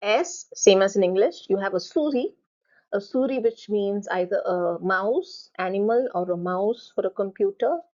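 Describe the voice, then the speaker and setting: A woman's voice: mid-range voice, moderate pace, a little mellow. A woman teaching French from slides, repeating each word several times so learners can copy her pronunciation. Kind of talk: recorded slide lecture. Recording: dull lo-fi recording.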